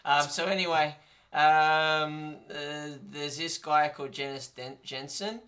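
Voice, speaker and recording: A man's voice: on the high side, steady tone, slow, pushed and bright. A man hosting a casual podcast chat, full of ums and dry sarcasm. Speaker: podcast host.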